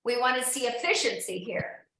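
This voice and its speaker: Woman cycling coach calling out to riders by name, bright and sharp tone, lots of room echo. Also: fairly high pitch, normal speed. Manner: encouraging, checks in on riders by name. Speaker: indoor cycling instructor. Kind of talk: live online fitness class coaching. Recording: very echoey room.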